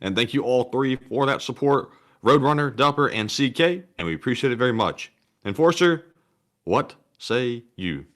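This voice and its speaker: A man co-hosting a live stream who reads out viewer donations and messages in a steady, routine way. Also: mid-range voice, normal speed. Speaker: co-host reading viewer donations. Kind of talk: reading out super chats.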